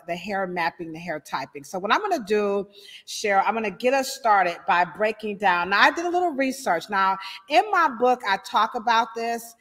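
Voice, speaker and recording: A woman hairstylist, hosting a casual live stream with animated shout-outs and playful asides. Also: medium pitch, big-room sound.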